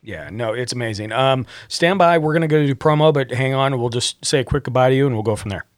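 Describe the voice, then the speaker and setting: A man's voice: mid-range voice, quick pace, no room sound, clean studio sound. A man hosting a podcast in loose casual chat, laughing often and swearing now and then. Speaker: podcast host.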